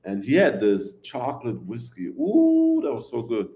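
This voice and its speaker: A man with a lowish voice hosts a relaxed live stream. He rambles, overshares and answers viewers' questions one after another, laughing easily along the way. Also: moderate pace. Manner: excitable, laughs often. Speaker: livestreamer chatting with viewers. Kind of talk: casual live-stream chat.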